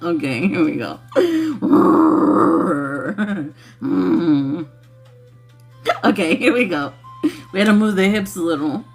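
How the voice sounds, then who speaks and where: A woman's voice: fairly low pitch, big pitch swings, extremely slow, pauses often, breathy edge, faint music behind. A woman chatting casually on a live stream, laughing often and swearing bluntly as she talks to her viewers. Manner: giggly, breaks into frequent laughter; blunt and profane, addresses viewers as y'all. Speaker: spiritual channel host.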